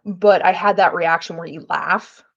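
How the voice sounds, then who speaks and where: A woman's voice: fairly low pitch, fairly even intonation, normal speed, highs cut off. A woman chatting casually while she cooks, swearing freely and acting out the people she quotes. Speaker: vlogger. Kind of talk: casual storytelling while cooking. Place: home kitchen.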